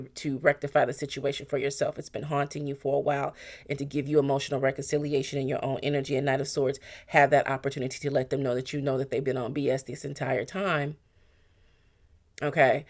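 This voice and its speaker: A tarot reader giving a casual reading straight to the viewer, blunt and animated, now and then slipping into mocking voices for quotes. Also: mid-range voice, fairly quick.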